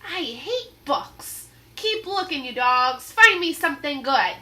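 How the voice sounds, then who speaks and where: A woman's voice: high voice, lively intonation, slow pace, bright, forceful tone, pitched above the performer's own voice, exaggerated voice. Woman putting on a growling pirate captain. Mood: gruff roaring. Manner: growling, roaring bluster. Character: big mean grumpy male pirate captain.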